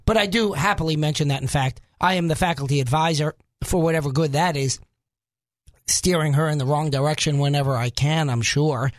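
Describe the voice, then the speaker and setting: A man from New York sits in as a talk radio host, his voice pitched high for a man. He jokes at his own expense and wanders off into asides while chatting in the studio. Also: fairly quick. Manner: joking, self-mocking, rambling asides.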